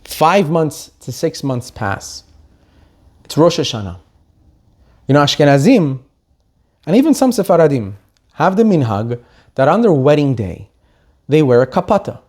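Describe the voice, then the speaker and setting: Animated male rabbi telling a story. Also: a little high, measured pace, pauses often. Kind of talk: sermon storytelling.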